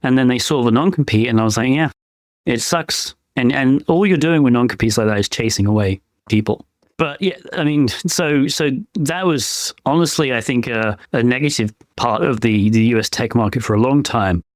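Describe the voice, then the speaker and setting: Guy cohosting a podcast, just thinking out loud with opinions, dry close sound, medium pitch. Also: brisk, no echo. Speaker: podcast co-host; penetration tester. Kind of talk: casual chat.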